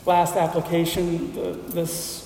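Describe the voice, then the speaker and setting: A male pastor with a high, mellow voice preaches an unhurried sermon, pausing between phrases and building emphatic lists. He sounds a little distant from the mic, and his voice rings through a large, reverberant church hall. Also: completely flat delivery, vocal fry, slight background noise. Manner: measured preaching with deliberate pauses and emphatic lists.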